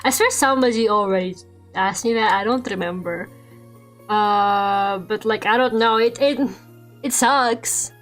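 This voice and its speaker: A woman's voice: mid-range voice, unhurried, a bit bright, faint music behind. A young woman streaming and chatting casually while she draws, rambling, swearing freely and laughing often.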